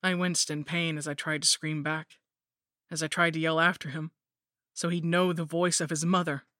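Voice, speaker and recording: A woman reads a horror story in the first person, with a measured, grim pace. Her voice is bright and sits close to the mic in a dry room. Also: low-pitched, level tone, no room sound. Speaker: narrator. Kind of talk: scripted horror narration.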